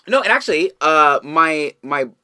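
A man's voice: fairly high pitch, lively intonation, normal speed, bright, forceful tone. A man telling rambling, profane stories as a guest in a casual podcast studio chat, full of restarts and quoted asides.

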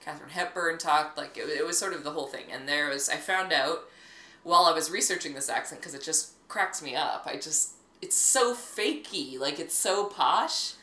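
A woman co-hosting a casual chat podcast, animated and swearing freely, with bursts of jokey posh voices. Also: deep voice, moderate pace, reverberant. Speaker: podcast co-host.

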